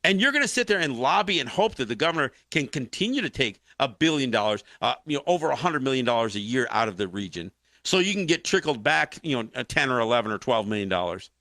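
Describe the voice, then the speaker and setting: Animated man hosting a political talk show. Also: mid-range voice, fast, no room sound, studio quality. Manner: animated, impassioned commentary with frequent restarts.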